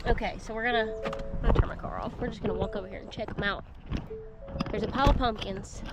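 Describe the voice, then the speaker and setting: A young woman, vlogging in a chatty, excitable way to her phone camera, moving between her car and outdoors. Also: on the high side, fast talker, over loud music. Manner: chatty and excitable, says "like" and "guys" often. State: out of breath. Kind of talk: casual vlog chat to camera. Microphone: phone on a small tripod.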